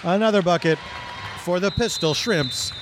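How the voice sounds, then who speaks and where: A man doing comedic play-by-play at a basketball game, with dry, deadpan jokes, recorded courtside among noisy ambience. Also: a little high, normal speed, a crowd in the background. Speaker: guest commentator.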